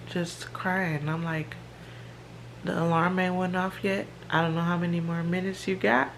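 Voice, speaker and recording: A woman's voice: fairly low pitch, gravelly, a little hiss or hum. A woman, chatting to her phone camera at home in a rambling, casual vlog. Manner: chatty and rambling, with fillers and laughs. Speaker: vlogger.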